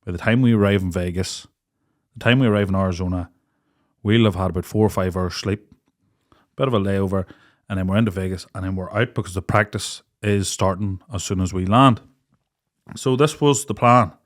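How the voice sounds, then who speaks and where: A young man co-hosting a podcast tells a story in casual chat, his voice low and fairly quick. He's an animated storyteller who acts out the voices of the people in it and laughs often.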